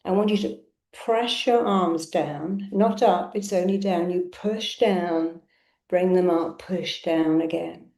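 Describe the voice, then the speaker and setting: A woman's voice: fairly low pitch, slow pace, darkish tone, echoey room. A woman therapist leading a live online session, coaching listeners through a self-help exercise and repeating affirmations with emphasis.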